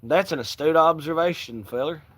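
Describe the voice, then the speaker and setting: A man's voice: on the high side, moderate pace, husky, dry recording. Profane, joking man hosting a livestream. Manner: loose, profane, joking, shouting out viewers by name. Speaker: livestream host. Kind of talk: casual livestream chat, reading out viewer comments.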